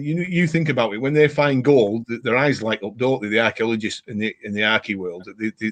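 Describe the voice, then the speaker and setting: A middle-aged man from England hosting a live chat show, talking in a blunt, matey way and swearing freely. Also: medium pitch. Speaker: host of a live detecting show. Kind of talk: casual live-stream chat.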